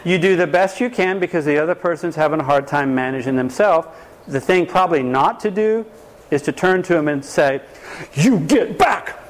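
Animated man lecturing a class. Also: on the high side, brisk, low-quality recording. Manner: animated, emphatic teaching with rhetorical questions. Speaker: relationship class teacher.

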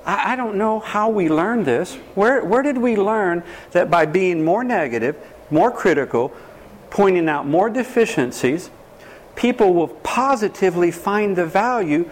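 Animated male counselor quizzing his audience. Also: high-pitched, a little slow. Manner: animated, acts out quoted voices, quizzes the audience. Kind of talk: lecture to an audience.

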